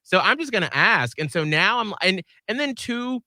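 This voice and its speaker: A man's voice: high voice, sing-song, moderate pace, pushed and bright, dry recording, studio quality. A man co-hosting a radio show, chatting casually and reflecting on his own experience. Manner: supportive listener, adds short remarks and reflects on his own experience. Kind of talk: casual chat.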